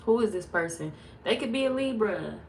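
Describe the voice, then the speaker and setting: A woman's voice: medium pitch, lively intonation, moderate pace, heavy background noise. A woman reading tarot in a casual, blunt, chatty way, swearing freely. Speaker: tarot reader. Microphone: phone.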